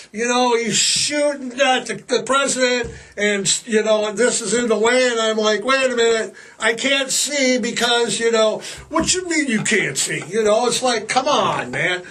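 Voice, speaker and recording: A man's voice: extremely high pitch, a bit bright, recorded from a distance. Sarcastic older man rambling on a podcast. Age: 60s. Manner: sarcastic, jokey, drawn-out emphasis. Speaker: podcast host. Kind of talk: rambling casual monologue.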